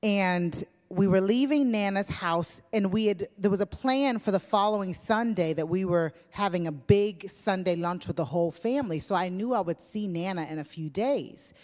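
A woman's voice: medium pitch, moderate pace, hardly any pauses, a little mellow. A woman preaching a conversational sermon to a church, telling stories with casual fillers. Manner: chatty storytelling with casual fillers. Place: church hall. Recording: long church hall reverb.

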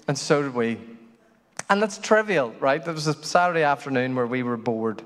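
A man preaching a sermon as pastor, telling stories in an animated way that swings from loud to hushed. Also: medium pitch, normal speed. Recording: long hall reverb.

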